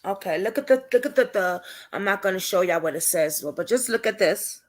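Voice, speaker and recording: Woman livestream host, chatty, animated, bouncy melody, talks right to the viewers. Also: mid-range voice, a little fast. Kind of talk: casual livestream chat.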